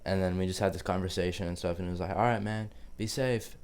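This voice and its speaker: A man's voice: low-pitched, fairly even intonation, fast talker, darkish tone, clear, resonant tone. A young man telling a story to camera in a rambling, casual way, full of swearing and filler words. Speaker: vlogger.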